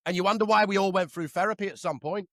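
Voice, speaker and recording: A man co-hosting a podcast, trading animated, sweary banter in casual chat. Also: high voice, fast talker, no echo, studio quality. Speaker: podcast co-host.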